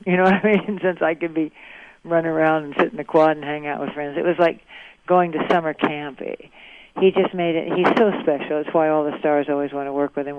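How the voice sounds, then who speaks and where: An older actress as a guest, telling long rambling stories and dropping many "you know"s. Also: female voice, low voice, no echo. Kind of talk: anecdotal interview chat. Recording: dry tinny phone-like line.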